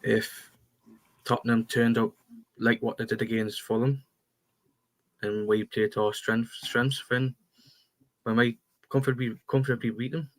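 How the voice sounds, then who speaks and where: A man speaking quietly and plainly as a guest on a casual fan chat. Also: mid-range voice, level tone, unhurried, pauses often, no room sound.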